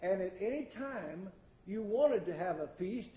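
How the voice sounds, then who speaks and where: A man preaching a sermon in a church, folksy and emphatic, swinging between loud declaiming and hushed asides, repeating words for effect. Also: sits high, animated, unhurried. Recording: echoey, dull old recording.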